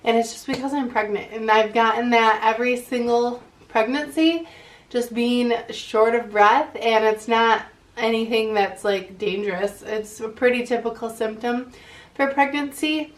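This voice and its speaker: A woman with a slightly high voice talks to camera in a casual, chatty vlog style, filling her sentences with "like." She sounds a little short of breath as she keeps talking. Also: a little slow. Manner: chatty, lots of "like" fillers. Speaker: vlogger.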